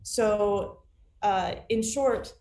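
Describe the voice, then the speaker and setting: Halting woman lawyer, echoey room. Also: medium pitch, darkish tone, slight background noise. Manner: hesitant, many restarts and fillers. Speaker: appellate attorney. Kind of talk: remote oral argument.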